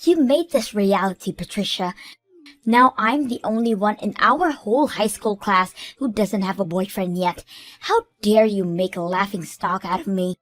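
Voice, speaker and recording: A woman's voice: mid-range voice, moderate pace, natural voice. A woman voicing a furious jealous friend. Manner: shouting, accusatory. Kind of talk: animated story voice acting.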